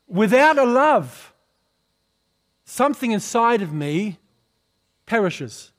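Slow, high-voiced male preacher. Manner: calls for responses from the congregation, often asks questions; clears throat often. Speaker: pastor. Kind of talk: sermon.

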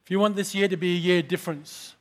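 A man preaching a sermon in church, emphatic, building to loud peaks on key words. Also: sits high, steady tone, fast.

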